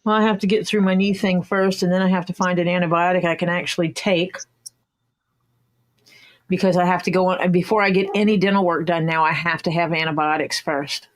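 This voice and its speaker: A woman's voice: fairly low pitch, steady tone, fairly quick. A woman co-hosting a casual livestream chat, speaking frankly and openly. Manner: frank, talks about her anxieties.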